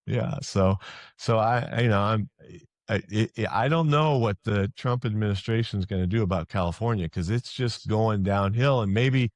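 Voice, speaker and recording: A man's voice: lowish voice, normal speed, no echo. Hesitant middle-aged man, dry sound. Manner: hesitant, stammering restarts. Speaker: host. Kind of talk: political talk show chat.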